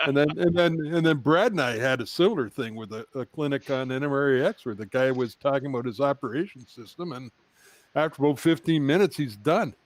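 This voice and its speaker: A man co-hosting a video chat, telling a lively anecdote and laughing at himself. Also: mid-range voice, fairly quick, no echo. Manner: animated storytelling, laughs at own story. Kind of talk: casual anecdote on a video call.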